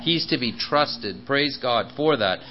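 A man's voice: medium pitch, lively intonation, a little slow. Earnest male preacher, conversational sermon delivery, slightly muffled church recording with faint hiss. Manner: earnest and personal, with many fillers and repeated words.

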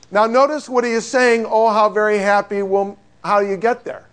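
High-voiced joking male preacher. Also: level tone, normal speed, clear, resonant tone. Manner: conversational, joking, asks the listeners rhetorical questions. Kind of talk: sermon.

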